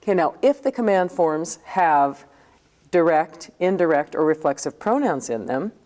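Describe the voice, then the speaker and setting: A woman's voice: deep voice, animated, normal speed, darkish tone. A woman teaching a recorded grammar lesson, explaining step by step and checking in with "okay?". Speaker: Spanish teacher.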